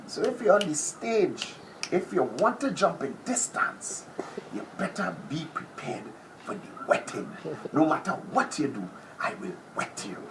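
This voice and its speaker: A man doing an impression of a brash, boastful male TV personality, with a theatrical, drawn-out delivery that drops to whispers. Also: fairly high pitch, very animated. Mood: menacing. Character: brash boastful male TV personality, self-proclaimed top predator. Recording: noisy background ambience.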